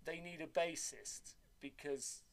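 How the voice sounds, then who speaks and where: A man's voice: a little high, slow pace, vocal fry. An older man telling rambling anecdotes in casual chat, cursing freely. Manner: lively rambling storyteller, swears freely.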